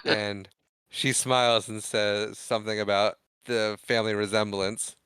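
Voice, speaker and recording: Smooth-voiced man recapping a movie. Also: on the low side, flat delivery, measured pace, a bit bright, dry recording. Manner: retells scenes, acting out quotes with laughs. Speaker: podcast co-host. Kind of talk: casual chat recapping a film.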